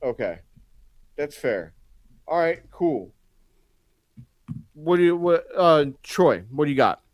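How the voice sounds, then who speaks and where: A man's voice: fairly high pitch, big pitch swings, slow pace, no room sound. A man from the United States hosting a casual podcast roundtable, rambling and restarting his sentences. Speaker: podcast host.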